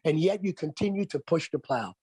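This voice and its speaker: A man's voice: on the high side, expressive, fairly quick, darkish tone, slightly rough, dry recording. A man who is a pastor and author, speaking as a radio interview guest in an emphatic preaching cadence and repeating phrases for effect.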